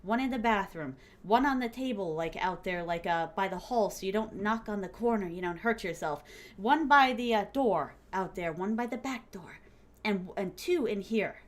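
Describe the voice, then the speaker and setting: A woman's voice: medium pitch, expressive, moderate pace. A young adult woman from Florida, chatting playfully with viewers on a stream and laughing often. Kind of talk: casual chat with viewers.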